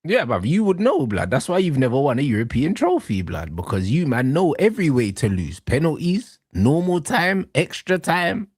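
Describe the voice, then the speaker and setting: A man's voice: fairly high pitch, normal speed, hardly any pauses, husky, no echo, studio quality. A man, co-hosting a reaction show, trading mocking, slang-heavy football banter. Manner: mocking, slangy, animated trash talk. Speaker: reaction channel co-host.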